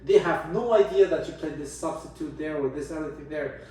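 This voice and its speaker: Speaking briskly in a slightly high voice with a dark tone, a man who teaches jazz guitar and hosts chats about music teaching, specifically performing for an audience. He's emphatic, casual, and keeps restarting sentences, captured on a distant mic with roomy echo and faint ambience.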